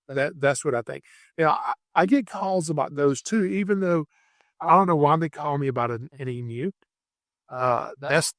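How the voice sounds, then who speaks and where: A man telling a rambling animal story in a casual, animated way, stumbling and restarting as he goes. His voice sits a little high. The recording is dry and close, with no room sound. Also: no room sound. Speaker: podcast host, wildlife catcher.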